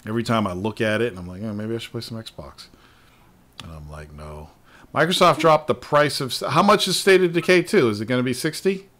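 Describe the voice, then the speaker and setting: Laid-back guy hosting a gaming podcast, voice bouncing all over, trails off low. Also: fairly bright tone. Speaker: podcast host. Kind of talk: casual chat.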